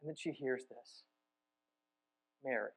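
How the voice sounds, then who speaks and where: A man teaching a sermon, telling the story with sudden swings from emphatic to hushed. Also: medium pitch, a little slow, slightly rough. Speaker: church teacher.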